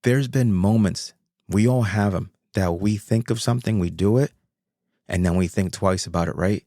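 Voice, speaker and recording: A man with a low-pitched voice, hosting his own podcast in an excitable, rambling rush. He swears freely and circles back on his points, and his voice sits close and dry with no room around it. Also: normal speed, dry recording. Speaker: podcast host. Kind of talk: casual solo commentary.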